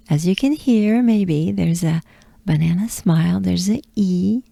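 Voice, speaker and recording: A woman from France with a French accent, coaching pronunciation patiently and repeating sounds in slow drills. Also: mid-range voice, dark tone, no room sound. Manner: patient, coaxing, repeats sounds slowly with breathy asides.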